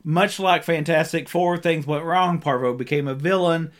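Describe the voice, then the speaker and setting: A man's voice: on the high side, moderate pace, slight background noise. A man co-hosting a casual podcast, recapping an old cartoon with lots of ums and restarts. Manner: rambling, many ums and restarts, laughs often. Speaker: podcast co-host.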